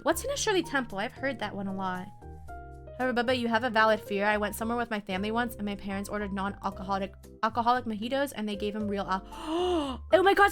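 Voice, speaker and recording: A woman's voice: a little high, a bit bright. A young woman chatting casually on a live stream, giggling often and answering her viewers' messages. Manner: reads and answers chat messages.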